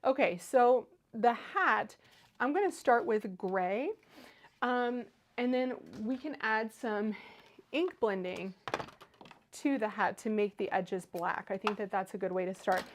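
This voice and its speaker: A woman's voice: medium pitch, slow, slight background noise. A woman hosting a casual craft livestream, chatty and enthusiastic as she reads viewer comments aloud.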